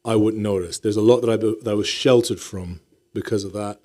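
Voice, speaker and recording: A man's voice: on the low side, steady tone, brisk, darkish tone. A middle-aged man from Morocco, a guest actor in a casual podcast interview, talking thoughtfully and often restarting his sentences. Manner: thoughtful, many restarts and repeated words.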